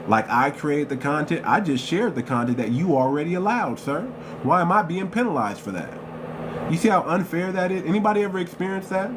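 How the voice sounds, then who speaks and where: A man hosting a livestream, fired up and confrontational, hammering the same phrases over and over. His voice sits a little high for a man. Steady noise hums behind him. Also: brisk. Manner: confrontational, repeats phrases for emphasis. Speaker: livestream host. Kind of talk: heated live-stream commentary.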